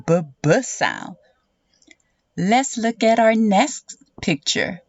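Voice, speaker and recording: Woman, children's phonics teacher, very slow, exaggerated sounding-out, dull lo-fi audio. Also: medium pitch, lively intonation, dry recording.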